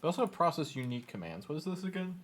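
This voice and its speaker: A man's voice: on the high side, very animated, racing. A man streaming while he programs, muttering to himself, scolding his code and turning to joke with his viewers. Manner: self-mocking, laughs with viewers. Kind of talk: casual chat while programming.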